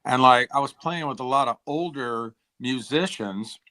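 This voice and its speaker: A man in his forties, a musician guest from Tennessee, chatting casually and rambling with a hoarse, throat-clearing voice. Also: mid-range voice, moderate pace, pushed and bright. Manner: rambling, says "like" and "dude" a lot. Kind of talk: casual interview chat.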